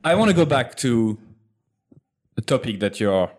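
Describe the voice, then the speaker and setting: A man's voice: mid-range voice, big pitch swings, normal speed, a little hiss or hum. A man hosting an interview in casual chat, hesitant and often restarting his phrases. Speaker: host, interviewer.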